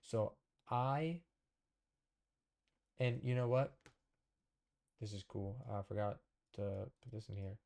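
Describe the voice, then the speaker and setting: A man's voice: mid-range voice, slow pace, pauses often, darkish tone. A man teaching a casual whiteboard lesson, thinking aloud, correcting himself and checking in with the viewer. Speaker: language teacher.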